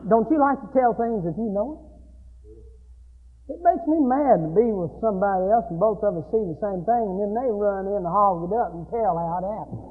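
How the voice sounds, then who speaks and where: Man, preaching with dramatic swings from loud shouting to quiet asides; very high voice, long church echo. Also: normal speed. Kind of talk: sermon. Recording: tinny phone-like sound with long hall echo.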